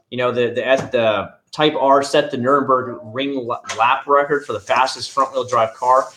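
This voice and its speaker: A man's voice: medium pitch, a bit bright. A man streaming live from his living room at home, chatting casually and answering his chat in a rambling way.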